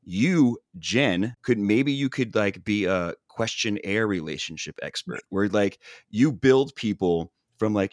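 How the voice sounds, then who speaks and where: Man co-host, low voice, dry close sound, playful teasing delivery. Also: lively intonation, a little slow, few pauses, dry recording. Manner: playful, teasing, joking asides. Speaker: podcast co-host. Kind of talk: casual chat.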